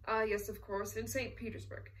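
A woman's voice: on the high side, flat delivery, normal speed, a bit bright, far from the mic, close to an everyday voice. A woman reading aloud as a suave middle-aged male colonel with a genial, inquisitive manner.

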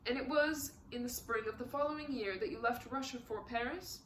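A woman's voice: a little high, brisk, roomy sound, a little hiss or hum, natural voice, poor audio. A woman reading as a stern Soviet prosecutor. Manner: clipped, interrogating. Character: stern male Soviet prosecutor, cold and probing.

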